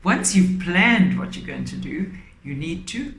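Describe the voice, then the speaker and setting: A woman's voice: low-pitched, very animated. Woman teacher in an echoey room. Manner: clear, deliberate teacher's delivery with stressed words. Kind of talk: instructional lesson for children. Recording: echoey room, faint background noise.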